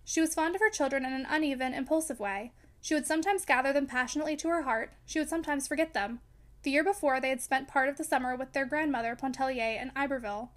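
A woman reading a classic novel aloud as an audiobook narrator, in a measured, even way. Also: high-pitched. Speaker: audiobook reader. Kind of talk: scripted narration.

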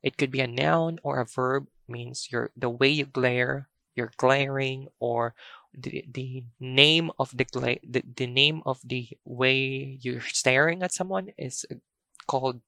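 A podcast host, teaching vocabulary and repeating each word slowly and patiently. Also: mid-range voice, fairly bright tone, no echo. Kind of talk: slow, careful pronunciation lesson.

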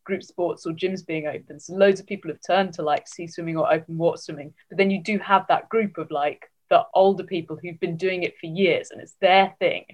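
An interviewer in a casual chat, asking loose, relaxed questions. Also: medium pitch, a little fast, hardly any pauses, poor audio.

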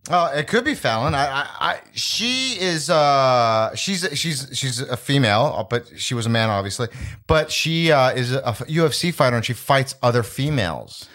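A man's voice: mid-range voice, lively intonation, moderate pace, a bit bright. Rambling, blunt man co-hosting a comedy podcast. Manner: rambling, blunt, swears freely, laughs often. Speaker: podcast co-host. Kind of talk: casual comedy podcast chat.

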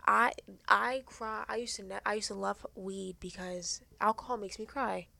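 A woman's voice: medium pitch, fairly even intonation, moderate pace, gravelly, bright, forceful tone, no room sound. A young woman hosting a podcast, giving frank, earnest advice in casual chat and swearing freely. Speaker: podcast host.

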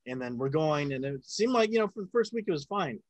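A man's voice: on the high side, expressive, fast talker, no room sound, rough recording. A man in casual chat, telling a long story about working sound on a film set, with lots of filler words and swearing.

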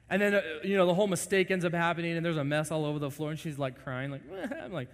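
A young man in his twenties gives a loose, conversational sermon, joking with the congregation and slipping into quick imitations of the people he describes. His voice sits a touch higher than most men's. The sound is carried through a big church hall with a long reverb. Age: 20s. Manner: animated, jokey, acts out quoted voices. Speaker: pastor.

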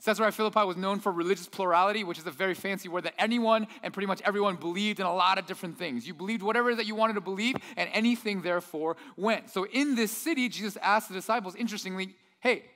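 A pastor preaching a sermon with lively storytelling, acting out the quoted lines himself. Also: male voice, high voice, fast talker, long reverb tail. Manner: animated storyteller, acts out quotes.

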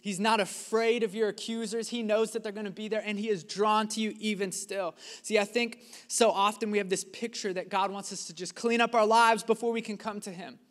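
Man, pastor, sermon, earnest emphatic delivery, dramatic pauses, high voice, reverberant sanctuary. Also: fairly even intonation.

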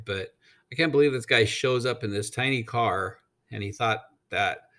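A man's voice: fairly low pitch, a little slow, fairly bright tone. A man telling a casual travel story, blunt and rambling, with frequent swearing and filler words. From United States. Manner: blunt, swears freely, rambling with many ums. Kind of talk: casual anecdote.

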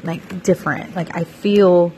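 A woman's voice: on the low side, steady tone, measured pace, warm tone, a little hiss or hum. A woman, chatting casually to her viewers in a rambling way with lots of fillers. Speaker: vlogger and small business owner. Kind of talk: casual chat to camera.

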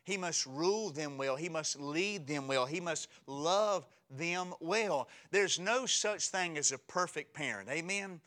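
A man in his forties preaches with a high, bright voice. He drifts into humorous stories about married life, talking to the congregation in a conversational tone. His delivery is lively and direct. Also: a little slow, few pauses. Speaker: pastor. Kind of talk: sermon.

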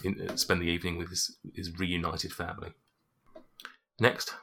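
A man's voice: deep voice, flat delivery, normal speed, vocal fry, sharp tone, slight background noise. A man narrating a tabletop game as game master, rambling with restarts. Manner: rambling, lots of fillers and restarts.

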